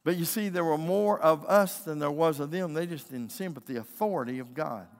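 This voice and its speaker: A middle-aged man pastors from the pulpit of a church sanctuary, his voice on the high side and brisk. He tells stories emphatically and dramatizes quoted voices. The long reverb of a church hall surrounds his sermon.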